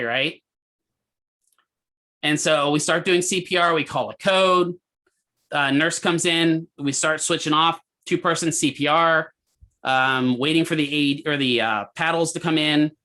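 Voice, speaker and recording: A man lecturing a physical therapy class, with a bright, forceful voice sitting a little high. He tells a clinical case like a story and stops to quiz his students. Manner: animated storyteller, asks the class questions.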